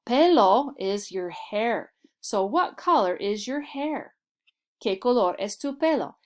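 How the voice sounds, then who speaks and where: A woman teaching a Spanish vocabulary lesson, explaining patiently and saying model phrases slowly and clearly. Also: fairly high pitch, sing-song.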